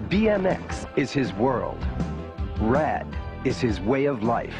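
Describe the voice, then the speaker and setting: A hyped 1980s movie trailer announcer. He delivers each short line in a punchy, dramatic way, his pitch rising and falling a lot. Loud trailer music plays behind him. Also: sing-song, slow.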